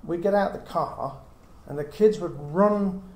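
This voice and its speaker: A Bible teacher, a middle-aged man, gives an unhurried teaching talk to a small group, reasoning earnestly and often posing rhetorical questions. His voice is slightly high but mellow. The room echoes, and a faint hiss sits underneath.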